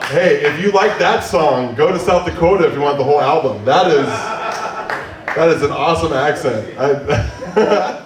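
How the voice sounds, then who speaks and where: A man with a high voice hosts an open mic in a small coffee bar. He shouts out the next act with upbeat energy. The camera mic is far off, picking up echoes and a lively crowd. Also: normal speed. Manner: loud and upbeat introductions. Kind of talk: emceeing a comedy show.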